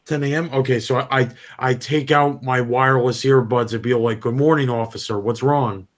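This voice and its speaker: A man's voice: medium pitch, steady tone, normal speed. A player from New Jersey with a New Jersey accent. He talks in loose, rambling bursts, restarting his sentences and apologizing as he goes. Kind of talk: casual game chat.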